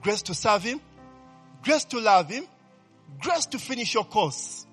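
A man preaches with a lively, high voice that has a husky edge, tossing questions at his listeners and answering them himself. He keeps checking in with the room and swells into loud exclamations of praise. The sound carries a long echo, as from a large hall, with faint music underneath. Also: measured pace. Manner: call-and-response, rising to loud exclamations; asks the congregation questions and repeats "eh?". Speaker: pastor. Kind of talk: sermon.

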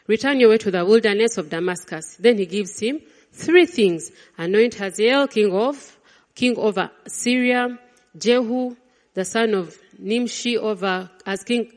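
Animated woman preaching in a reverberant hall. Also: mid-range voice, measured pace. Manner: animated, swings between loud exclamations and hushed quoted lines. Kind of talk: sermon. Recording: long reverb of a large hall.

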